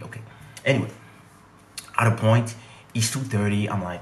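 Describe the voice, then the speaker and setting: A man from DR Congo, telling a storytime vlog with animated, emphatic delivery. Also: on the low side, moderate pace, vocal fry, long pauses, slight background noise. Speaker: vlogger and singer. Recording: echoey room.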